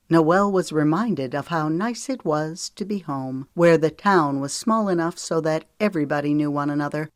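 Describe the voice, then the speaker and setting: Low-voiced woman narrating calmly. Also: dry recording, studio quality. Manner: calm, measured storytelling with lifted voices for dialogue. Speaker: audiobook narrator. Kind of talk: scripted narration.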